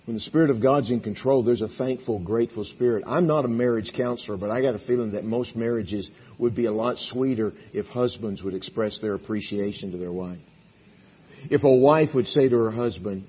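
A man's voice: medium pitch, brisk, slightly rough, lo-fi sound. A male preacher giving a folksy, story-filled sermon, acting out characters in a church auditorium.

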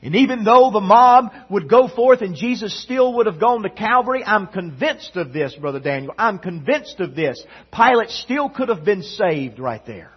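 A man preaching a sermon with a dramatic delivery, swinging between loud emphasis and hushed low tones. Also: lively intonation, moderate pace, few pauses, husky. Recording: dull lo-fi sound.

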